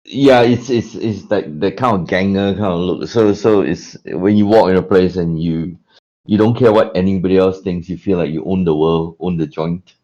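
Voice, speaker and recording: A man's voice: deep voice, normal speed, warm tone, lo-fi sound. A man playing a tabletop game, rambling a little and restarting his sentences. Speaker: player. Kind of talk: casual tabletop play.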